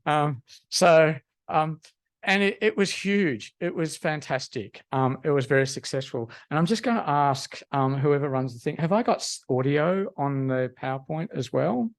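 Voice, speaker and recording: A man giving a university lecture, halting and full of ums. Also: fairly high pitch, expressive. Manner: halting, lots of ums and restarts. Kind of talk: academic lecture.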